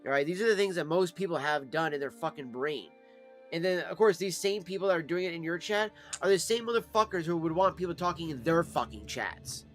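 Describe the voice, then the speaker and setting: A man rants on a live stream, exasperated and swearing freely as he talks. His voice sits somewhat high for a man. Faint background music plays underneath. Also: expressive, brisk, fairly bright tone. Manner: profane, exasperated ranting. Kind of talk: casual live-stream rant.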